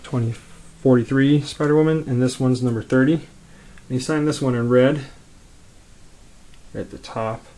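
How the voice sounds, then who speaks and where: A man casually showing his collection, rambling along quickly with lots of fillers. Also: medium pitch, fairly even intonation, dark tone, a little hiss or hum. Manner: rambling, laid-back, many fillers; talks quickly. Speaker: comic collector vlogger. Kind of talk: casual show-and-tell.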